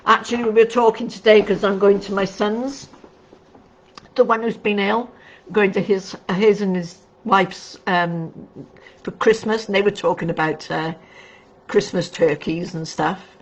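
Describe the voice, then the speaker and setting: A woman's voice: mid-range voice, steady tone, a little slow. A middle-aged woman giving a casual livestream tarot reading, chatty and affectionate, calling viewers darling. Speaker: tarot card reader. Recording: dull lo-fi recording with faint noise.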